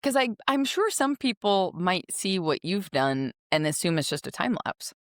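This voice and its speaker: A woman's voice: on the low side, big pitch swings, moderate pace, no echo, studio quality. A woman hosting a podcast, talking in a chatty, rambling way and laughing easily. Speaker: podcast host. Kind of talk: casual interview chat.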